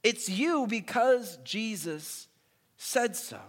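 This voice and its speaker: High-voiced man preaching slowly, playful. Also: expressive. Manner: playful, slow and emphatic with dramatic pauses. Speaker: pastor. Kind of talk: sermon.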